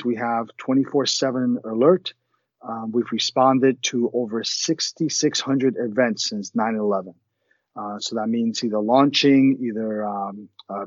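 A man from Puerto Rico answers interview questions in an easygoing, conversational way, often pausing with ums and uhs. His mid-range voice comes through dry and a little dull, like lo-fi remote audio. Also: medium pitch, dry recording. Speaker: military commander, guest.

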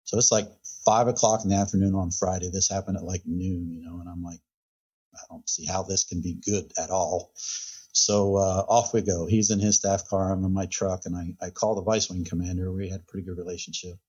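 A man, a fire chief and podcast guest, recounting a past incident in a relaxed storytelling way, often repeating words and quoting others. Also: low-pitched, fairly quick, hardly any pauses, husky, dull audio.

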